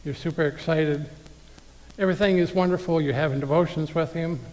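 A man's voice: a little high, fairly even intonation, fairly quick, darkish tone. A man preaching a conversational sermon, reading scripture aloud and talking directly to his listeners. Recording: long hall reverb.

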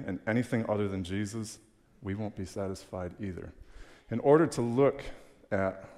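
A young man with a fairly low voice delivers a sermon in a relaxed, conversational manner. He mixes plain talk with a little dry humor and reads scripture aloud. The sound carries the long reverb of a big hall. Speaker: pastor.

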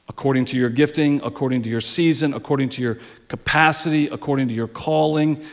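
A male pastor preaching a sermon, swelling up into emphatic high passages and dropping to soft, low phrases, sometimes repeating words as he restarts. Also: in a large hall.

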